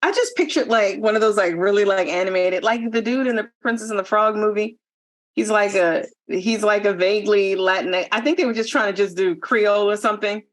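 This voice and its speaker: A woman in casual chat, animated and laughing often, acting out quoted lines. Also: medium pitch, a little fast.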